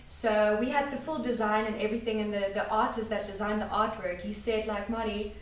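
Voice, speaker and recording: A woman's voice: medium pitch, steady tone, fairly quick. A woman vocalist being interviewed, chatting and telling stories with a giggly, talkative manner. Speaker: band vocalist guest. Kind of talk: casual interview chat. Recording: roomy distant mic, faint noise.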